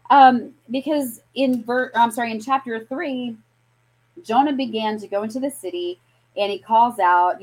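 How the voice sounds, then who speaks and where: A woman's voice: mid-range voice, rough recording. Chatty woman teaching scripture. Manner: chatty and animated, many fillers and restarts. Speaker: Bible teacher hosting a scripture show. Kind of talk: casual Bible teaching.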